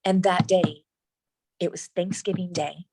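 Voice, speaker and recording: A middle-aged woman, a guest in an interview, telling a personal story in an animated, emphatic way with frequent restarts. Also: lowish voice, unhurried, no room sound, low-quality recording.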